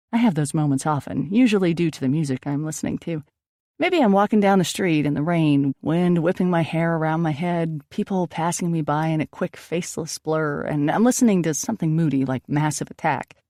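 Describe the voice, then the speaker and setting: Woman narrator, steady and reflective, slight gravel, recorded dry and close. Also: low-pitched, no room sound. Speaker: audiobook narrator. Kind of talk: first-person audiobook narration.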